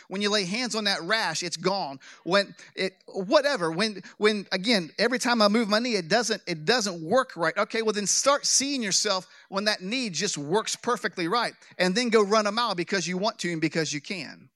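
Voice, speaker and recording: A man pastor preaching a sermon, telling a story with jokes and animated delivery. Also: high voice, a little fast, few pauses, dry recording, studio quality. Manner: animated, joking, with restarts.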